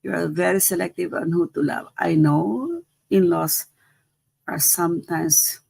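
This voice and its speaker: Woman spiritual teacher, chatty live talk, heavy vocal fry, repeats herself; dry close sound. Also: lowish voice, measured pace, a little mellow, no echo, low-quality recording. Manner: conversational, repeats phrases, asks "right?".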